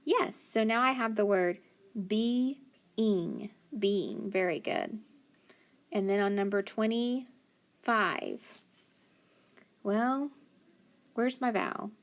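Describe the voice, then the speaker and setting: A woman's voice: mid-range voice, slow, pauses often. A woman teaching a phonics lesson, patiently sounding out words and encouraging the listener.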